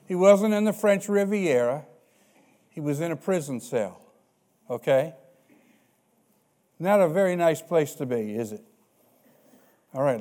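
Male pastor, high-pitched, emphatic sermon delivery with dramatic volume swings. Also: darkish tone. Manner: emphatic, rising and dropping volume, dramatic slow quoting of verses.

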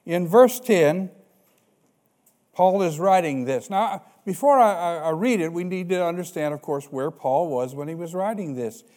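A man preaching a sermon with emphatic delivery, slowing down to quote verses and swinging between loud and soft. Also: on the high side. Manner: emphatic, rising and dropping volume, dramatic slow quoting of verses. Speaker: pastor.

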